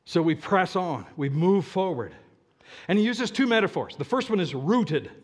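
Male pastor, high lively voice, slow deliberate sermon delivery with questions to the audience. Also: husky.

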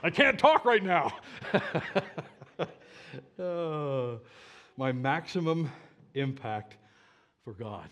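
A man preaches to his church with a fairly high voice. He swings between loud, emphatic calls and soft, low asides. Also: sing-song, takes it slowly, pauses often. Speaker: pastor. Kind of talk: sermon. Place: church sanctuary with a live congregation.

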